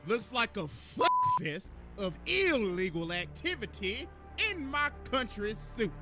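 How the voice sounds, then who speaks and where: A man's voice: big pitch swings, a little slow. Man putting on a menacing old military leader. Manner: low taunting drawl, profane, calls victims boy. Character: ruthless older male military leader, menacing, cold. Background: background music.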